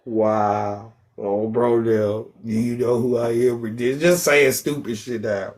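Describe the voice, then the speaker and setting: A man hosting a casual livestream, talking in an animated, profane, joking way that often bursts into yelling. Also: mid-range voice, measured pace, hardly any pauses. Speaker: livestream host.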